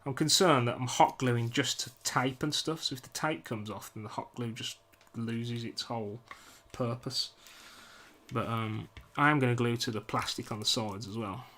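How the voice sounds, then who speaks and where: A man's voice: mid-range voice, steady tone, normal speed, sharp tone. A young British man with a British accent chatting casually with his live-stream viewers while he works at a bench, joking about himself and apologising a lot. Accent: British English. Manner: chatty, self-mocking, apologetic banter with chat.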